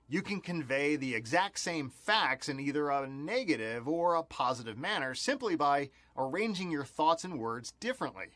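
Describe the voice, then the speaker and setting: A man narrating a customer service training module, explaining clearly and stressing key words. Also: on the high side, pushed and bright, no room sound. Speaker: instructor.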